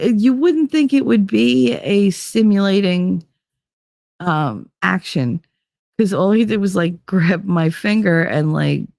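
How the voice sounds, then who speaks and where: A woman's voice: on the low side, a little mellow, no room sound, studio quality. A woman hosting a podcast, chatting through a long personal story in a rambling way, full of "like" fillers. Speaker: podcast host. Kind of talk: casual storytelling monologue.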